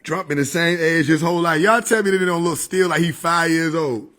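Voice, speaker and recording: A man's voice: on the high side, a little fast, a bit bright. A man casually chatting on a livestream into a desk microphone, joking, swearing and laughing often. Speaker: streamer.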